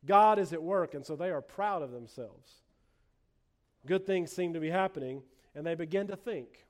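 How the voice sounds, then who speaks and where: A man's voice: on the high side, normal speed. A man preaching a sermon as a pastor, earnest, restarting phrases with repeated words and acting out sarcastic quotes.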